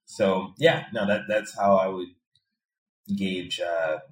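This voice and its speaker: A man's voice: low voice, fairly even intonation, slow. A man from Chicago, an expat in Thailand, talking through his ideas thoughtfully as an interview guest and often repeating words while he builds a point. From Chicago, USA. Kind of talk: reflective conversational interview. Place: indoor room in Bangkok. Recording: echoey room.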